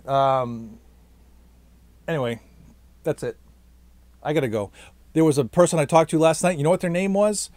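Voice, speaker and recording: A man's voice: on the high side, a little mellow, dry recording. A tired man, a vlogger and stage actor, rambling to camera in a chatty, self-mocking way and talking on past his own sign-off. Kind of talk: rambling casual monologue to camera.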